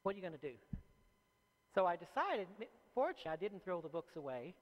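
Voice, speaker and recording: A man, an author, speaking to a live audience as an animated and chatty storyteller. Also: high-pitched, quick pace, in a large hall, dull audio. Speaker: author giving a talk.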